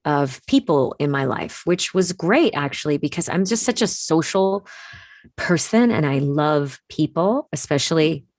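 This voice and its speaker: A woman's voice: sits low, measured pace, no echo, studio quality. A woman guesting on a podcast from home, chatting casually and rambling with plenty of fillers. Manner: relaxed, rambling, many fillers. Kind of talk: casual chat. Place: home, remote call.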